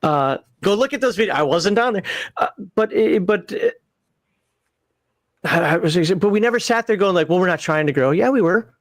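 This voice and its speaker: A man's voice: sits high, lively intonation, dry recording, clean studio sound. A man with a Minnesotan accent hosting a call-in livestream, talking casually, rambling and correcting himself as he goes. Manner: rambling, self-correcting, quick to laugh. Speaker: livestream host.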